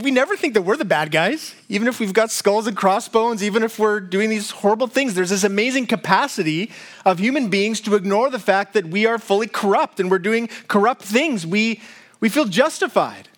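Male pastor, middle-aged, slightly higher register, chatty sermon delivery. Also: fairly bright tone. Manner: conversational, retells a comedy sketch with quick voice shifts.

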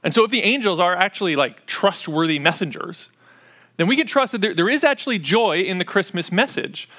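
Bright-voiced man preaching a sermon. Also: high voice, lively intonation, fairly quick. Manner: conversational preaching with frequent "uh" fillers. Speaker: pastor. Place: church.

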